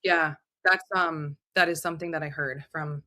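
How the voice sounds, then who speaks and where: Woman host, low-ish bright voice, loose and casual, swears a lot, video call. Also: steady tone, moderate pace. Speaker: host and channeler. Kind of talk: casual live chat. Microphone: video call mic.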